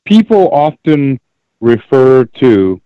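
A man calling in to a radio show, making his point deliberately and emphatically and repeating key phrases. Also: mid-range voice, very animated, smooth, no echo. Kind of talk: call-in radio commentary. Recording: dull lo-fi call audio.

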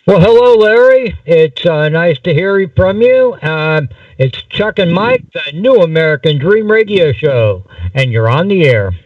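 A man's voice: sits high, animated, measured pace, few pauses, dry recording, far from the mic. A man hosting a call-in radio show, welcoming a caller and encouraging him with short prompts. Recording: tinny phone-like line from afar.

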